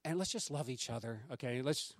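Middle-aged male pastor, conversational sermon delivery, slightly high voice, dry close mic. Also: moderate pace, dry recording. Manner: conversational and anecdotal, with asides to the congregation; acts out quoted voices in lively raised tones.

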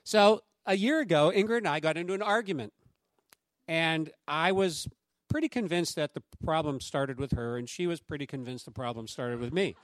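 A middle-aged pastor with a fairly high voice preaches at a normal speed, speaking to his congregation in a conversational, anecdotal style. He acts out quoted voices in lively, raised tones, and there's no room sound.

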